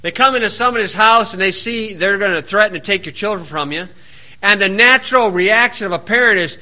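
A man preaching a folksy sermon, reading scripture slowly and then drifting into plain-spoken anecdotes. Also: sits high, bright, forceful tone.

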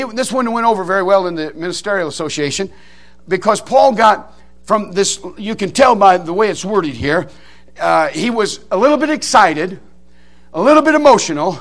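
Uomo, predicatore battista dalla voce alta e animata. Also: male voice, sits high. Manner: folksy, animated preaching with repetitions and stammered restarts. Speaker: Baptist preacher. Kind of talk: sermon.

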